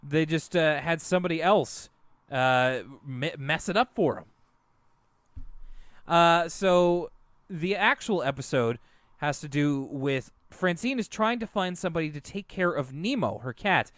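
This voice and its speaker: A man's voice: on the high side, lively intonation, measured pace, fairly bright tone, no echo. A man co-hosting a podcast in casual chat, loose and chatty with many fillers and restarts. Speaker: podcast co-host.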